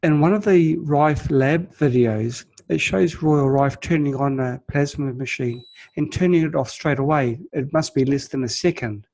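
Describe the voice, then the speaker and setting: A man's voice: a little high, normal speed, vocal fry, few pauses, darkish tone, no echo, poor audio. A man with a New Zealand accent hosting an interview, asking long questions politely and encouraging his guest. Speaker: host.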